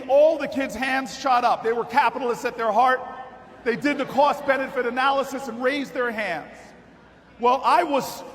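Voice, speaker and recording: A man giving a rousing political speech at a party convention, telling a story and building to shouted, repeated calls. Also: very high voice. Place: large convention hall with audience. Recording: echoey hall with crowd noise.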